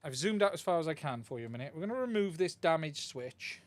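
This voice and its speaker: Expressive and quick, his voice sits on the high side, with no audible room sound. He streams himself repairing a radio controller at his workbench, musing aloud and talking with viewers; a desk mic is used, and he swaps mics mid-stream.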